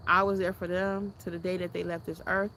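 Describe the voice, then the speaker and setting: A woman's voice: on the low side, flat delivery, fairly quick, sharp tone, a little hiss or hum, poor audio. A middle-aged woman, vlogging in a casual storytelling chat and acting out quotes as she talks straight to her viewers.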